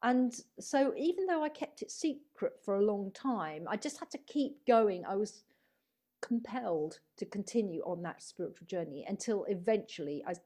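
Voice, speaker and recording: A woman's voice: medium pitch, expressive, normal speed, warm tone. A middle-aged woman, a psychotherapist and healer, talks reflectively in a rambling, storytelling way and acts out the voices she quotes. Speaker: guest, psychotherapist and spiritual healer. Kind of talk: conversational storytelling interview.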